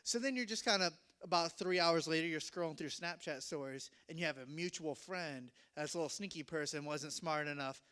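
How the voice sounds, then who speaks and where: A young man telling a self-mocking story to an audience, animated and laughing often. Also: fairly high pitch, a little fast, hardly any pauses, smooth.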